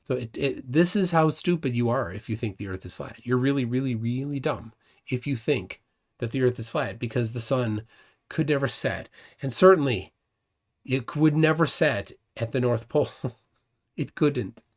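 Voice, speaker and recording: A man's voice: mid-range voice, normal speed. Guy hosting a livestream, combative and mocking, keeps repeating himself mid-rant. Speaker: livestream host. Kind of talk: casual livestream debunking.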